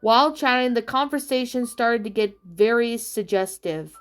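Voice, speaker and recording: Speaking at a moderate pace, this woman has a fairly high, expressive voice. She's in her twenties and recounts something that really happened to her, in the first person, in a plain, meandering way with long sentences that run on. There's faint background music.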